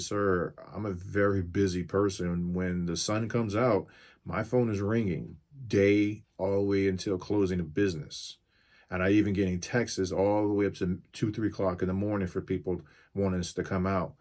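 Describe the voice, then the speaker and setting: A man's voice: low-pitched, flat delivery, moderate pace, a little mellow. A mobile mechanic in his fifties tells the story of a pushy customer's phone call to camera, in a firm, blunt and straight-to-the-point way.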